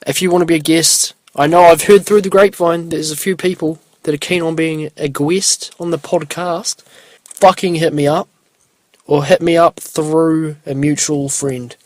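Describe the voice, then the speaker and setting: On a dry recording, a young podcast host with a slightly high voice talks at a normal speed in a steady tone. His casual solo show wanders along loosely, peppered with ums and offhand tangents.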